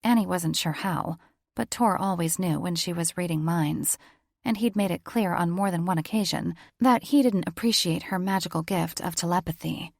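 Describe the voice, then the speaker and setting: A woman narrating a romance audiobook in a measured storytelling manner. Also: fairly low pitch, vocal fry, no room sound, clean studio sound. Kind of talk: scripted narration.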